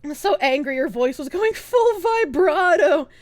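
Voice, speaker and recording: Woman streamer, high dry voice, live rant, profane, heated, laughs a lot. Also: lively intonation, a little slow, dry recording.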